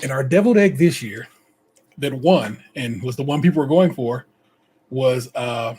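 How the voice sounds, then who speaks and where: A man's voice: mid-range voice, lively intonation, moderate pace, dark tone, slight background noise. A man from Ohio co-hosting a podcast, chatting casually in slang with many restarts and a playful tone. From Ohio, USA. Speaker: podcast co-host. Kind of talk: casual chat.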